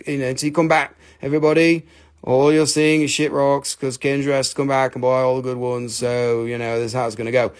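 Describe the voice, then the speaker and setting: With a medium-pitched voice marked by vocal fry, a man hosts a crystal sale live stream. He keeps the selling talk casual and rambling, joking around, swearing freely and ribbing himself.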